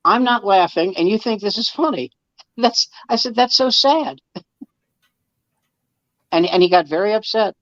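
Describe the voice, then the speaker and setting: A man's voice: high voice, a little slow, pauses often, fairly bright tone, no echo. A man, a comedian guest, telling anecdotes in casual chat and acting out the quoted dialogue, with many restarts. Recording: dull dry lo-fi sound.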